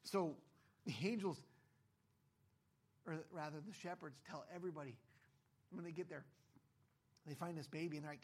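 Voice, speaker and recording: A male pastor preaching a sermon, animated, asking rhetorical questions and briefly acting out the voices of figures in the story. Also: fairly high pitch, brisk, long pauses.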